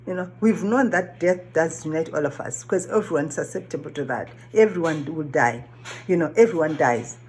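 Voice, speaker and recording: A woman's voice: low-pitched, animated, brisk, a little mellow. A woman whose first language is not English, giving an earnest reflective monologue, often asking questions and repeating phrases. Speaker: vlogger.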